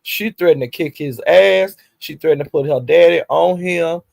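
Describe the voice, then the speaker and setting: A woman's voice: low voice, normal speed, vocal fry, a little mellow, dry recording. A woman casually recounting gossip, chatty and profane with laughing asides. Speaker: gossip vlogger.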